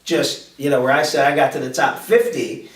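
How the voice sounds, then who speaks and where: A man hosting a podcast interview, enthusiastic and joking, talking in halting restarts, recorded in a roomy space away from the mic. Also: medium pitch, steady tone. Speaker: podcast host. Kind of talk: casual interview chat. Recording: roomy echo, distant mic.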